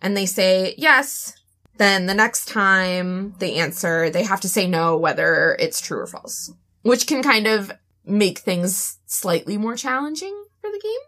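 Bright, lively podcast host woman. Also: medium pitch, measured pace. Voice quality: giggly, animated. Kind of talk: casual chat.

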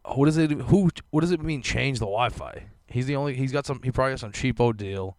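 A man's voice: medium pitch, brisk, hardly any pauses, a little mellow, dry recording. A man on a podcast going on a crude, sarcastic comedic rant full of swearing. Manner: sarcastic, crude, mocking voices of others. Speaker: podcast co-host.

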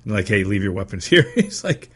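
A man chatting casually with a friend, easygoing and halting, often repeating his words. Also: fairly low pitch, very animated, breathy edge. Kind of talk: casual chat.

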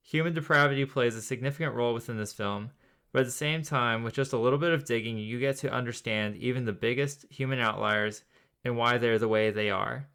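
A man's voice: medium pitch, brisk, fairly bright tone, clear, resonant tone. A man co-hosting a faith and film podcast, reflecting at length in a thoughtful, rambling way. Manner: thoughtful, rambling, many fillers. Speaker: podcast co-host. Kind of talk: casual chat.

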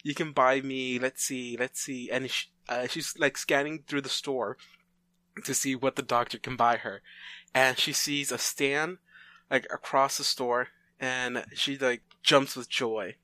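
A man's voice: medium pitch, fairly even intonation, a little slow, bright, forceful tone, no room sound. A man casually retelling a made-up story plot, rambling with fillers and restarts and briefly voicing the characters in quotes.

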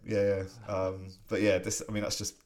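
This is a man with a very low, deep voice, talking in a relaxed podcast chat. He retells comic strips panel by panel, with animated delivery and bursts of laughter. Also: moderate pace. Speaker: podcast co-host.

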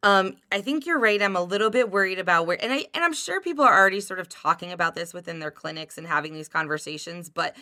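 A woman's voice: lowish voice, fast talker, hardly any pauses, sharp tone, dry recording, studio quality. A woman co-hosting a podcast in casual chat, speaking earnestly and with emphasis. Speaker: podcast co-host.

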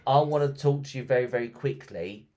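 A man hosting a podcast, retelling ghost stories in a chatty, lively way with plenty of ums and restarts. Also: medium pitch, a little fast. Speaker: podcast host. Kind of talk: casual storytelling podcast.

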